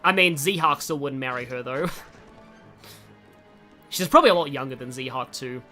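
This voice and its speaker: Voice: medium pitch, animated, normal speed, pushed and bright, faint music behind. A young adult streamer giving casual, rambling gameplay commentary, often breaking off mid-sentence. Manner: rambling, chatty, self-interrupting. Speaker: gaming streamer.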